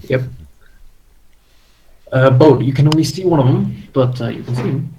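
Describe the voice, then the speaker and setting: A man's voice: mid-range voice, moderate pace, warm tone, slight background noise, low-quality recording. A man acting as game master of a tabletop game, patiently explaining rules with frequent hesitations.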